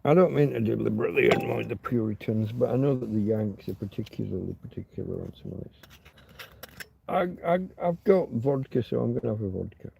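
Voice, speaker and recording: A man hosting a casual late-night livestream from his bed, rambling and chatty, talking to his dog in a soft doting voice between asides to his viewers. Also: mid-range voice, animated, brisk, creaky, breathy edge. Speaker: livestream host. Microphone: phone camera held close.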